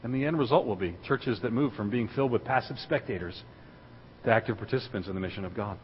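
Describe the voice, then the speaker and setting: A man's voice: medium pitch, fast talker, slight background noise. Man preaching in an echoing church hall. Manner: storytelling, building to loud excited preaching. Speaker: guest speaker. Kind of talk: sermon. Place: church sanctuary. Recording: dull recording in a reverberant hall.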